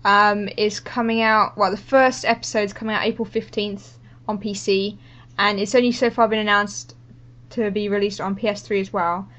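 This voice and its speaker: A woman co-hosting a casual gaming podcast, reading out news items briskly and reining in her co-hosts. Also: mid-range voice, level tone, a bit bright. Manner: brisk, reads news items between playful scolding. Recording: dull lo-fi podcast audio.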